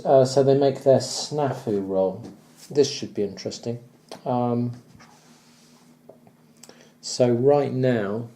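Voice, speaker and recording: A man thinking aloud as he plays through a board wargame, hesitant and full of pauses and fillers. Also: mid-range voice, mellow, rough recording. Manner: hesitant, many pauses and ums, clears throat.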